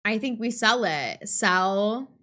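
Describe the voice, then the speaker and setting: A woman's voice: mid-range voice, expressive, takes it slowly, pushed and bright. A young woman streamer reading a visual novel aloud and chatting with her viewers between lines. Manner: chatty, reacting and reading between asides to chat.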